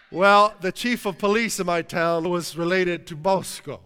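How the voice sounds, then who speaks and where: A middle-aged man preaching from the pulpit, his voice slightly higher than most men's. He tells stories in an animated, joking manner. His words ring out with a long reverb from the church hall. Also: measured pace, hardly any pauses, smooth. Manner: animated storytelling, jokes and laughs with the congregation. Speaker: pastor. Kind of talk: sermon. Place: church sanctuary.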